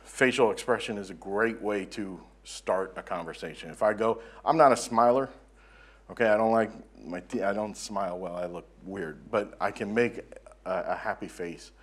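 A man from the southern United States giving a relaxed, self-deprecating conference presentation in a conference room. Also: fairly low pitch, normal speed, slightly rough. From Southern United States (Florida). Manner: conversational, self-deprecating, joking. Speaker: conference speaker.

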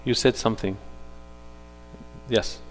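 A man teaching an interactive religious workshop, animated and firing rhetorical questions at his audience. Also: fairly low pitch, takes it slowly, long reverb tail, a little hiss or hum.

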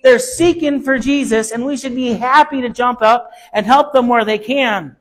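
A man's voice: very high voice, moderate pace. A male pastor preaching a sermon with an emphatic, repetitive cadence.

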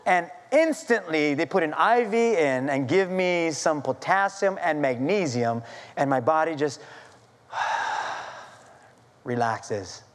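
A pastor preaching a sermon, telling an animated story with self-deprecating humor. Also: male voice, a little high, unhurried, big-room sound. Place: church sanctuary.

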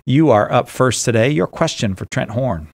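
A man hosting a live call-in radio show. He is jovial, laughs easily and fills his talk with "uh"s. His voice sits at a middle pitch. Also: lively intonation, moderate pace, creaky.

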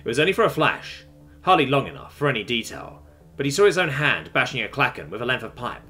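A man narrating a science fiction story in a dramatic, expressive reading. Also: mid-range voice, fast, faint music behind. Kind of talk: scripted audiobook narration.

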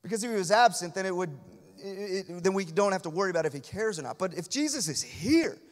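A man delivers a sermon in a high, lifted voice. He repeats phrases for emphasis and moves between soft, hushed lines and loud, urgent ones. A long church reverb trails after every line. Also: animated, fast. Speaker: pastor. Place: church sanctuary.

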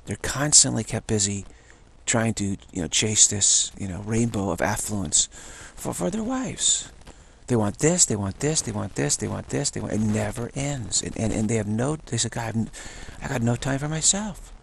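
A man's voice: lowish voice, animated, moderate pace, vocal fry, breathy edge. A man giving a rambling spiritual talk at home, repeating himself and chuckling as he goes. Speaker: spiritual teacher. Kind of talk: casual spiritual monologue. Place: at home, self-taped.

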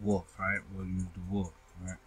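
A scripture teacher with a low, completely flat, slightly bright voice reads and explains Bible verses, tacking a questioning "right?" onto nearly every phrase to check in with listeners. He speaks slowly and repetitively and calls his audience family. Soft music plays behind him, and the audio is poor.

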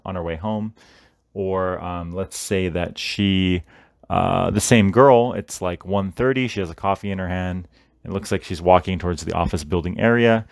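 A man's voice: deep voice, creaky, no room sound, clean studio sound. A man hosting a podcast, talking casually and rambling with many fillers and tag questions. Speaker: podcast host. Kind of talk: casual instructional podcast monologue.

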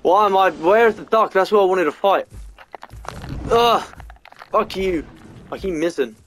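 A man giving let's-play game commentary, swearing a lot and swinging between frustration and excitement. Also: high-pitched, measured pace, a little hiss or hum. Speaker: gamer.

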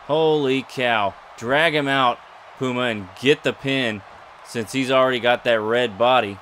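A man's voice: mid-range voice, measured pace, a bit bright, slight background noise. A man hosting a let's play, commentating in a playful mock play-by-play style. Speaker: gaming channel host.

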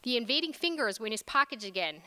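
Woman author reading her story out loud, bright, kinda high voice, big hall echo. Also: fast, smooth. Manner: expressive reading with lively character voices. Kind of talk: reading a story aloud at a conference. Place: large lecture hall. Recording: reverberant lecture hall.

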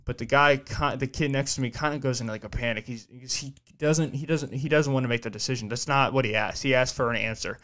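A young man hosting a podcast rambles through a long story, profane and full of fillers and restarts, in a casual storytelling chat. His mid-range voice is fairly bright, fast and with few pauses.

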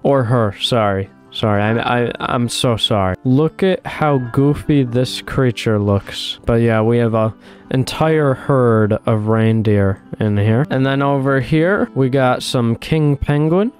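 Excitable man chatting over a zoo game. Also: medium pitch, slow, soft background music. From Buffalo, New York, USA. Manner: excitable, swearing, cooing at animals on screen. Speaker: gaming YouTuber. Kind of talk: casual game commentary.

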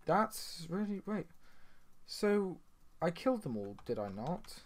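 A man's voice: sits high, big pitch swings, slow. A young man casually commenting on his own game as he plays, chatty and rambling, with sudden surprised outbursts. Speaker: gaming channel host. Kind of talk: casual let's-play commentary.

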